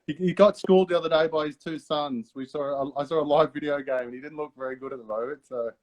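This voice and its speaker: An older man with an Australian accent hosts a relaxed live interview, his voice sitting a little high for a man. He is friendly and easygoing, laughs often and keeps calling his guest mate, and he sounds like he is on a video call. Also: quick pace. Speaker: host. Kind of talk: casual interview chat.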